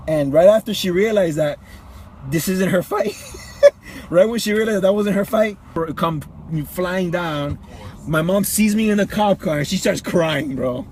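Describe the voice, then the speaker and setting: A young man with a slightly high voice tells a story off the cuff, circling back and repeating phrases as he goes. His talk is loose and casual, peppered with "bro" and "man.". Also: moderate pace, darkish tone, slight background noise. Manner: rambling, repeats himself, says bro. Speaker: vlogger.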